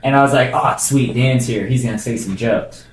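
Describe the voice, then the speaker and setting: A man's voice: mid-range voice, moderate pace, roomy sound. A man in his twenties chatting casually and telling comedy stories, laughing often and acting out what others said. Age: 20s. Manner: animated storyteller, laughs often. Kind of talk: casual chat, storytelling.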